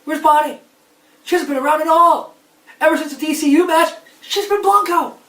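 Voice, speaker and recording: A man voicing a brash, hot-headed guy who talks loudly, recorded in a roomy space away from the mic. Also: extremely high pitch, moderate pace, distant mic, pitched above the performer's own voice. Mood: ranting.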